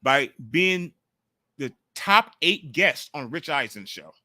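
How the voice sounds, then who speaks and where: A man hosting a casual call-in sports talk livestream, talking in an animated, profane way on a close mic. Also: a little high, takes it slowly, no echo. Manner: animated, profane, jumps into mocking quotes. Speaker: call-in show host.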